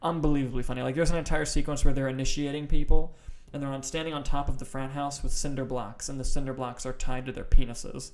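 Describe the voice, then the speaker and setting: Dude cohosting a movie podcast, casual, hyped, cursing a lot, lots of ums and likes. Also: male voice, medium pitch, little pitch movement, quick pace, hardly any pauses, a little mellow. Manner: loose and enthusiastic, swears often, trails off into fillers. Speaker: podcast co-host. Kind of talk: casual chat.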